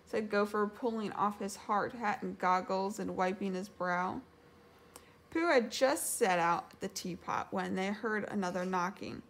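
A woman narrating a children's storybook in a gentle, measured way. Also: mid-range voice. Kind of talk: storybook read-aloud.

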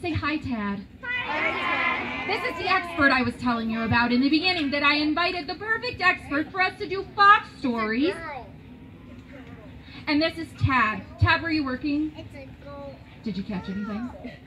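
A woman's voice: high voice, moderate pace, pauses often, slight background noise, rough recording. A woman librarian leading a children's storytime, reading aloud and talking playfully to the kids. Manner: animated, playful, talks to kids.

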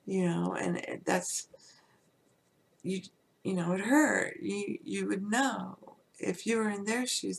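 A woman hosting a podcast, teaching in a casual, rambling way with many "you know" fillers, sometimes dropping to a soft near-whisper. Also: mid-range voice, slow, gravelly, slight background noise. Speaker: podcast host. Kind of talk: casual spiritual teaching talk.

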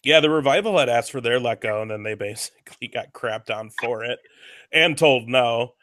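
A man's voice: mid-range voice, normal speed, a bit bright, no room sound. Opinionated man with a dry, close voice. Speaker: podcast co-host. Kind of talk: casual chat, wrestling commentary.

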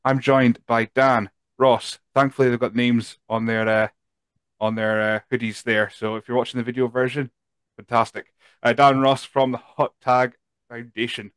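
A man's voice: mid-range voice, little pitch movement, normal speed, fairly bright tone, clear, resonant tone, no echo. A Scottish man hosting a podcast interview in a chatty, joking way. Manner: chatty, jokey, loose with restarts. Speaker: podcast host. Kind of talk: casual interview chat.

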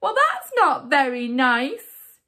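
A woman's voice: high-pitched, huge pitch swings, slow pace, bright, forceful tone, exaggerated voice. A woman voicing a kindly old male monster from a storybook, speaking in a polite, mildly reproachful way. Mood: hurt, gently scolding.

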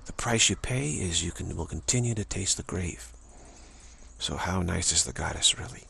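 A man's voice: low voice, moderate pace, gravelly, sharp tone, slight background noise. A man giving a spiritual teaching monologue, repeating himself often and acting out little dialogues. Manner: repetitive, many restarts and "you know", acts out dialogues.

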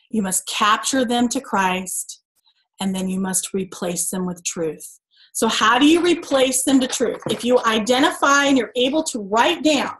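Earnest woman giving a motivational pep talk. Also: a little high. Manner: earnest, preachy, emphatic with rhetorical questions. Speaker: team call speaker.

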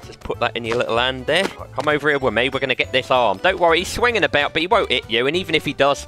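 A young British man giving comedic gameplay commentary in a playful mock-teacher manner, moving between quiet menace and loud outbursts. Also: mid-range voice, quick pace, soft background music. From United Kingdom. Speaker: YouTube gamer.

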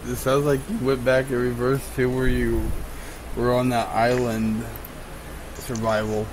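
A man's voice: medium pitch, flat delivery, a little slow. A man on a casual voice call who laughs often, heard distant and through heavy noise. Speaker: caller. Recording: noisy, distant call audio.

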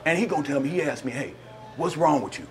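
A man's voice: a little high, animated, fast, faint music behind. A man playing a prison inmate in a sketch comedy monologue, rambling and stammering with indignation.

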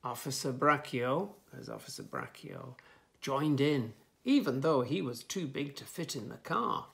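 A children's storyteller reads a picture book aloud in a gravelly, mid-range voice at an unhurried pace. He's animated, tossing in playful asides about the pictures for his young listeners.

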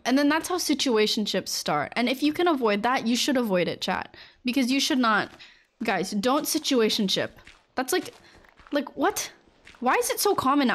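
A woman's voice: sits high, very animated, moderate pace. A woman streamer chatting casually with her viewers while she plays, rambling and full of "like". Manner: chatty, rambling, full of "like", acts out little scenes for chat. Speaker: Twitch streamer. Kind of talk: casual live-stream chat while gaming.

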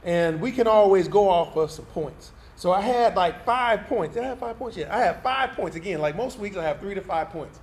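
A pastor delivers a personal testimony sermon at a Sunday service held in an event hall, his high, expressive voice running at a moderate pace with hardly any pauses. He's candid and conversational, often checking in with the congregation through tag questions like "right?". The recording has a roomy hall sound with faint noise.

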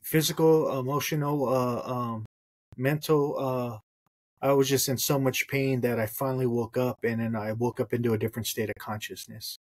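A man's voice: medium pitch, fairly even intonation, normal speed, no room sound. A man hosting a podcast, speaking reflectively and hesitantly, with many ums. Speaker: podcast host. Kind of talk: podcast conversation.

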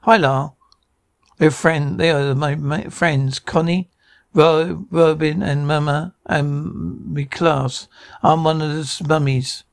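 A man's voice: on the high side, steady tone, takes it slowly, gravelly. A man acting out every part of a sitcom scene alone, in a bickering, flustered comic delivery full of stammers and restarts.

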